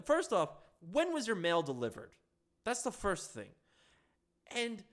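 High-voiced, animated ranting man. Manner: sarcastic, profane, heated. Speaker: political commentator. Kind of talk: ranting solo commentary.

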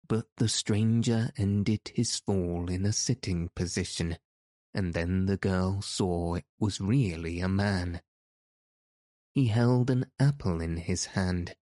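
A man reading a children's storybook aloud as narrator, in a measured, even way. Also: low-pitched, no room sound, studio quality. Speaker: audiobook narrator. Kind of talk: scripted narration.

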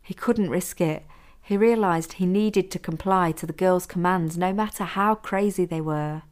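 A woman reading her own story aloud as an audiobook, in a steady, measured narration. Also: lowish voice.

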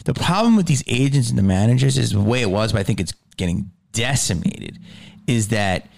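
A middle-aged man chatting casually on a podcast, telling animated, profane stories and dropping his voice low for asides. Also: brisk, gravelly, no echo, studio quality. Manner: swearing, animated storyteller who drops low for asides. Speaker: guest comedian.

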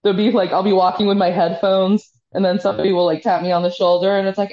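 Woman, comedian guest, casual storytelling, mellow low voice, lo-fi call audio. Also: level tone, fast. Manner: storytelling, acts out quotes with lots of "like". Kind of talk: casual interview over a call. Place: apartment above a bar. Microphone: headphones on a video call.

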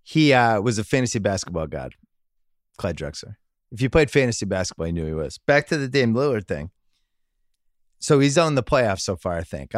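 A man's voice: lowish voice, no echo, studio quality. A man hosting a sports podcast, chatting casually and joking through listener emails. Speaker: podcast host.

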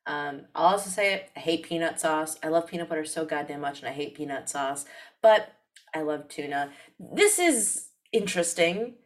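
A woman co-hosting a casual podcast chat. Her voice is fairly low, yet it swings widely in pitch. She talks in an animated way and laughs often. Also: moderate pace. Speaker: podcast co-host.

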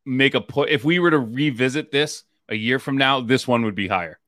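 A man's voice: mid-range voice, brisk, fairly bright tone, studio quality. A man co-hosting a podcast, chatting casually, laughing and echoing the jokes. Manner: laughing, swearing, echoing punchlines. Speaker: podcast co-host. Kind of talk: casual comedic chat.

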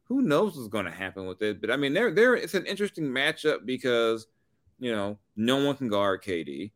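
A man co-hosting a sports talk show, rambling and animated, with many restarts. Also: medium pitch, a little fast, dry recording. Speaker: sports radio co-host.

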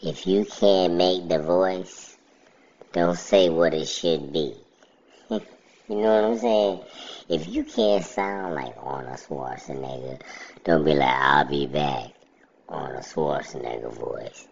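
A man's voice: rumbling low, animated, takes it slowly, creaky, a little mellow, husky, muffled recording. A man in casual chat, ranting bluntly about things that annoy him.

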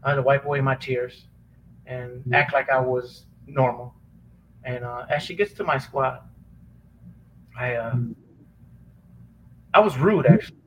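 A former police officer from the Chicago area, a guest on a podcast, gives emotional personal testimony in a halting, earnest way full of restarts and pauses. His middle-pitched, fairly bright voice sounds choked up, close to tears. The recording is rough, with a faint hiss underneath.

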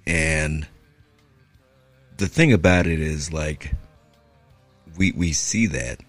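A man's voice: very deep voice, slow, faint music behind. A man from Southern California talking in casual, laid-back podcast chat, full of fillers and swearing. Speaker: podcast co-host.

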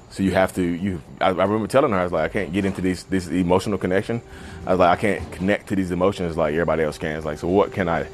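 A man's voice: deep voice, slight background noise. A man talking casually to camera outdoors at a beach, rambling and conversational with lots of fillers. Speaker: vlogger.

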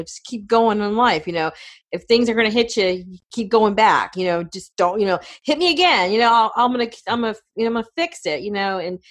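Middle-aged woman, casual storyteller, rambling and animated, lots of "you know". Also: fairly low pitch. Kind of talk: casual chat.

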